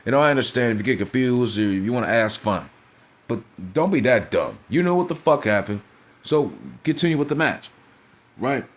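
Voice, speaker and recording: A man giving a casual wrestling review in a blunt, profane, slangy rant, often asking whether the listener follows him. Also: lowish voice. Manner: blunt, profane, slangy, with frequent "you feel me" asides.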